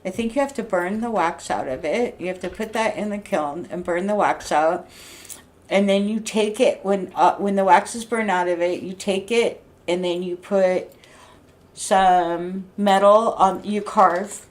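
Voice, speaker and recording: A woman vlogging from home, talking loud and rambling from one thought to the next. She laughs often and chats freely with her viewers. Her pitch sits in a middle range. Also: a little slow. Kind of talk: casual talking vlog.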